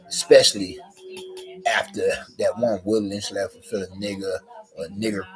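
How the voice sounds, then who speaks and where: A man with a low voice rants to camera in a loose, rambling way. He circles back on himself with constant fillers and profanity. Faint music plays behind him. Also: level tone, normal speed, poor audio. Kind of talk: casual rant to camera.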